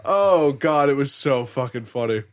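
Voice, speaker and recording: A young man co-hosting a podcast, retelling an anime episode in an animated, laughing, swearing way. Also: medium pitch, a little slow. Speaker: podcast co-host. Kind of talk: casual anime recap chat.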